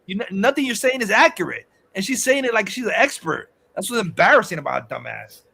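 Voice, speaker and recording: High, bright-voiced man ranting crudely. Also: sing-song, quick pace, gravelly, breathy edge. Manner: crude, heated, stumbles over words. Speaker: livestream host. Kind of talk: casual profane rant chat.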